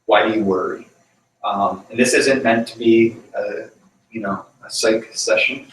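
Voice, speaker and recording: A man with a lowish voice gives a relaxed, conversational sermon to a small group, full of ums and restarts. He sounds set back from the mic in an echoey church room. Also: measured pace, recorded from a distance. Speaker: pastor leading a small group. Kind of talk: informal sermon with group reflection.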